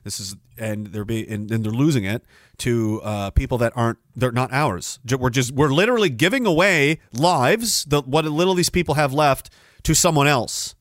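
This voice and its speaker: A man's voice: medium pitch, moderate pace, a bit bright, no room sound, clean studio sound. A man from Canada hosting a livestream podcast, ranting in a sarcastic, scornful way. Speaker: podcast host.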